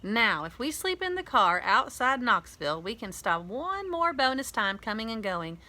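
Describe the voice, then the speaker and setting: A woman's voice: a little high, sing-song, moderate pace, sharp tone. A woman reading a storybook aloud, voicing a practical mother of three who lays out a trip plan in an orderly way. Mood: matter-of-fact.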